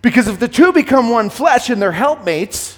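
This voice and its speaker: A man's voice: extremely high pitch, sing-song, moderate pace. Middle aged guy preaching, earnest, stumbles and repeats himself, big echoey hall sound. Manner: earnest, repeats words, swings from loud to hushed. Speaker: pastor. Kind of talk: sermon.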